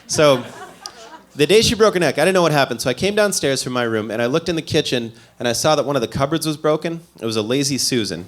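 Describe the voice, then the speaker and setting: A man from the American Midwest doing stand-up comedy, telling a story in a loose, self-mocking way with dry asides. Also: mid-range voice.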